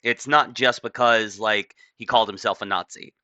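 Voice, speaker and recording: A man's voice: fairly low pitch, steady tone, moderate pace, sharp tone, dry recording. Offhand man rambling over a dull mic. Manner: offhand, rambling, many fillers. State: just woken up. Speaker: commentator. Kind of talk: casual commentary reading a news article aloud.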